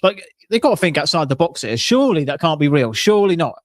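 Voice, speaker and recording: Man, jokey streamer, rapid, higher-pitched, dry close sound. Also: very animated, no room sound. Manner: jokey, mild swearing substitutes. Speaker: streamer reacting to videos. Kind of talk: casual reaction commentary.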